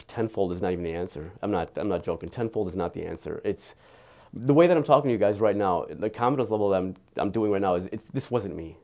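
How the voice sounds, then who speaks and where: Deep, fast-talking man giving a testimonial. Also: a little mellow. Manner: halting, repeats words, earnest. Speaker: dental patient giving a testimonial. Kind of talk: candid spoken testimonial.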